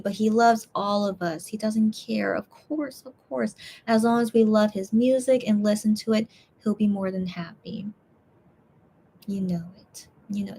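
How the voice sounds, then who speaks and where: A woman's voice: on the high side, a little mellow, a little hiss or hum. A tired woman hosting a casual livestream, chatting in a rambling way and reading fan comments aloud. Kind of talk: casual chat.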